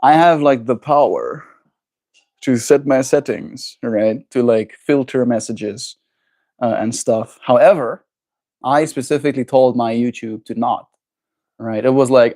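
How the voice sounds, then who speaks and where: A man from South Africa with an Afrikaans accent, whose first language is Afrikaans, chats his way through a casual livestream. He reads out viewers' messages and answers them playfully, joking and laughing as he goes. His voice sits in an ordinary middle pitch. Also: a little slow, warm tone. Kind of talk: casual livestream chat, reading chat messages aloud. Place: at home.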